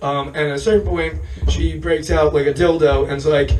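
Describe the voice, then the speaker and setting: A hoarse man losing his voice, telling a rambling, profane stand-up story on a comedy stage and chuckling as he goes. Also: a little high, fairly even intonation, normal speed, distant mic, rough recording.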